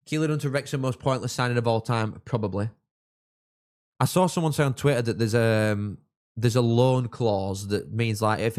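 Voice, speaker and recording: A young man from England, hosting a live football watchalong and chatting with viewers, reacting loudly to goals. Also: lowish voice. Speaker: livestream host.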